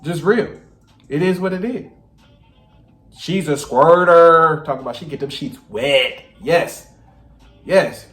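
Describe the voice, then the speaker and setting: A man, hosting a reaction video and giving blunt, profane, animated commentary. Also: a little high, unhurried. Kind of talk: casual commentary. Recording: echoey room with faint music.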